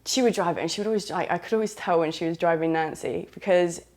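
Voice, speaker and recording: A southern English woman recounts her own story in a frank, rambling, chatty manner, dropping in British slang as she goes. Her voice sits a little low for a woman. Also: fast, darkish tone. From southern England. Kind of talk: candid first-person storytelling.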